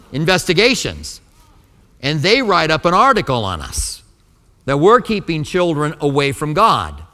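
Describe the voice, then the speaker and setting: A pastor's sermon in a church sanctuary, with long hall reverb, features him telling stories conversationally and acting out dialogue. His voice is a little high and a bit bright.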